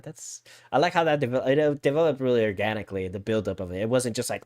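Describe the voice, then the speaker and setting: A man's voice: medium pitch, fast, hardly any pauses, a little mellow, no room sound, studio quality. A man co-hosting a live podcast, chatting casually and repeating words as he talks. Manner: chatty, stammers and repeats words, reads chat aloud. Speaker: podcast co-host. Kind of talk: casual live-stream chat.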